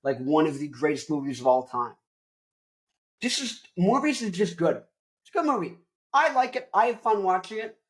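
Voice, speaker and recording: A young man hosts his own show and rants casually about movies. He rambles in an animated way and scatters "like" through his sentences. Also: high voice, moderate pace. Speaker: host.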